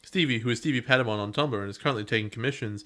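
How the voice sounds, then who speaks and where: A man's voice: mid-range voice, very fast, fairly bright tone. A man co-hosting a podcast in casual chat, playfully teasing his co-host.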